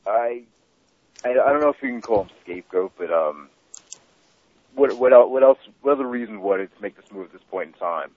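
A man's voice: lowish voice, expressive, brisk, no echo. A man calling in to a wrestling talk show, giving hesitant opinions and repeating words. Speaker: co-host calling in. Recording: tinny phone line.

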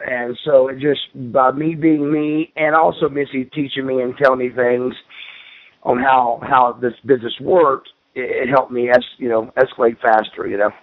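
A man at a mid pitch tells long, rambling stories from his career as a former pro wrestler, tripping over and repeating his words. His voice comes through a narrow, tinny phone-like radio line. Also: little pitch movement, moderate pace. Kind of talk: casual storytelling in an interview.

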